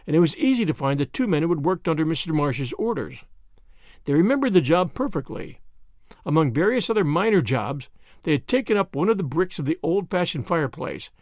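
A man narrating a detective story as an audiobook, measured and expressive. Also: a little high, dry recording, clean studio sound.

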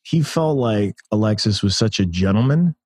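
Guy in his 30s from the us telling stories, lowish mellow voice, dry sound. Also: animated, moderate pace, no echo. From United States. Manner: storytelling, enthusiastic, many restarts. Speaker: podcast guest. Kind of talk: casual interview chat.

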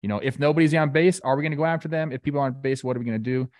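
A man co-hosting a casual baseball talk show, rambling and joking in an animated way. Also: mid-range voice, racing, no room sound, studio quality. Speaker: baseball analyst and co-host.

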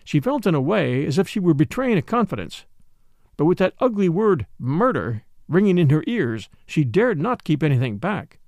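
Gravelly-voiced male storyteller. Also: fairly high pitch, very animated, normal speed, a little mellow, dry recording, clean studio sound. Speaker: audiobook narrator. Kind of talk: scripted narration.

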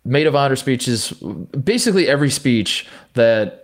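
Young guy cohosting a podcast, rambles and stammers a lot, mid-pitched voice. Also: animated, moderate pace. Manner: rambling, stammering storyteller with many restarts. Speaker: podcast co-host. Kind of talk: casual chat.

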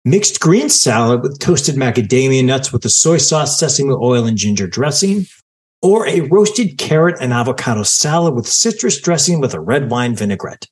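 Teasing man with a lively voice. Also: mid-range voice, normal speed. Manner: teasing, deadpan sarcastic. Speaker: podcast host. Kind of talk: casual chat.

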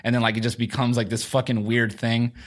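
A man's voice: mid-range voice, level tone, fairly quick. A young male comedian chatting casually as a podcast guest, laid-back and full of filler words. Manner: laid-back, heavy use of "like".

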